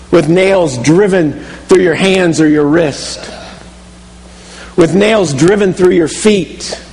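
A man's voice: sits high, a little mellow. Preaching man in a reverberant hall. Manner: vivid second-person storytelling, frequent restarts. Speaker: pastor. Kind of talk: sermon.

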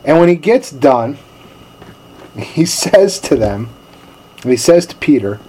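A male pastor giving a sermon in a relaxed, storytelling manner with casual slang. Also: fairly high pitch, slow pace, pauses often, husky.

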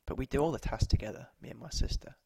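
A man narrating short stories aloud at a measured, steady pace. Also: mid-range voice, vocal fry, breathy edge, no room sound.

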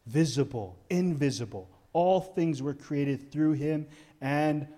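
A pastor preaching a conversational, emphatic sermon in church, asking the congregation questions. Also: male voice, mid-range voice, measured pace, dark tone.

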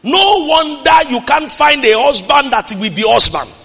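A man with a Nigerian accent preaching a fiery sermon as pastor, swinging from quiet talk to shouted declarations. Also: very high voice, lively intonation, unhurried, creaky, long reverb tail.

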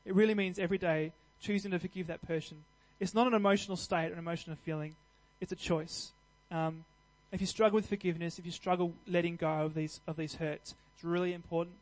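Earnest high-voiced male preacher. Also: steady tone, quick pace, hardly any pauses, rough recording. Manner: earnest, conversational, with restarts and fillers; builds to louder emphatic passages. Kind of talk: sermon.

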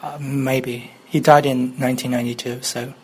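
A man's voice: medium pitch, little pitch movement, moderate pace, breathy edge, rough recording. A man co-hosting a music countdown podcast in casual chat, making dry, teasing jokes. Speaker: podcast co-host.

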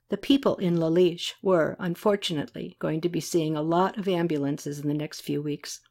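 A woman reads a novel aloud, narrating in an even, unhurried way. Her voice sits a little low for a woman.

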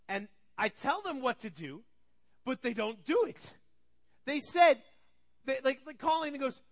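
A man in his thirties preaching, telling a family story and acting out his kids' voices with animated energy. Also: very high voice. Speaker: pastor. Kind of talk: storytelling sermon.

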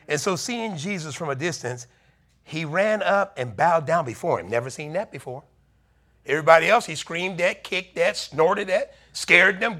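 High, bright-voiced animated preacher man. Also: normal speed. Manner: animated preaching, acting out townspeople's warnings. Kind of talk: sermon.

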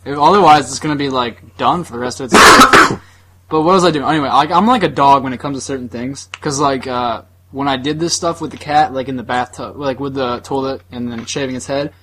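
A man's voice: mid-range voice, fairly quick, pushed and bright, slight background noise. A young man co-hosting a podcast, telling a long crude story in a rambling way, laughing along with himself. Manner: rambling, crude, laughs through his own stories. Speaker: podcast co-host. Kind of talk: casual storytelling chat.

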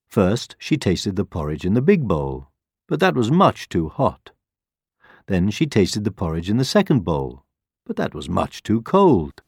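Slow, animated male storybook narrator. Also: sits low, breathy edge, no room sound, studio quality. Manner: slow and very expressive, rising and falling. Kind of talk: scripted children's story narration.

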